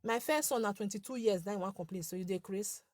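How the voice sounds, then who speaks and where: A Nigerian woman in her forties chats live with her page's followers in a light, girlish voice. She scolds, repeats herself and breaks into laughter, speaking at a middling pitch. The sound is close and dry. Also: quick pace, a little mellow, no room sound. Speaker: social media page host. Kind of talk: casual live chat with followers.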